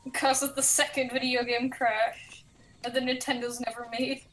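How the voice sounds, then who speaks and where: A woman chatting casually on a gaming stream, telling stories in a lively way. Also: high voice, moderate pace, distant mic, low-quality recording. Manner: chatty, animated storytelling.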